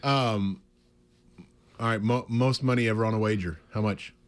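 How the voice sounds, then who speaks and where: A man's voice: fairly low pitch, steady tone, moderate pace. A man hosting a sports radio show, playfully prodding his guest for stories. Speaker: radio host. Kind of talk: casual sports radio chat. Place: radio studio.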